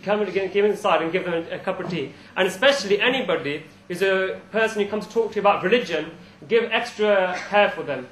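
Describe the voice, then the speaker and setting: A young man with a notably high voice tells everyday stories at a society talk, chuckling at his own anecdotes. The live recording carries a lot of room echo, with faint background noise underneath. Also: fast talker, fairly bright tone. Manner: chatty storytelling, with frequent restarts and chuckles. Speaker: invited speaker at a student society talk. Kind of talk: informal religious talk with personal anecdotes. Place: university lecture room.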